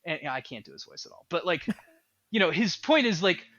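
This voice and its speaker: Male podcast guest, game dev; slightly high, sharp voice, animated and rambly, dry lo-fi sound. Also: brisk, dry recording. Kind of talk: casual podcast chat.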